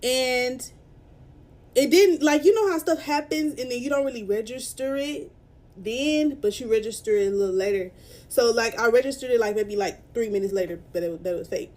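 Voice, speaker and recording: A young woman telling an emotional storytime vlog, upset and halting, with many fillers and restarts, recorded on a phone camera in a small room. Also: a little high, darkish tone. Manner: tearful at moments. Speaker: vlogger.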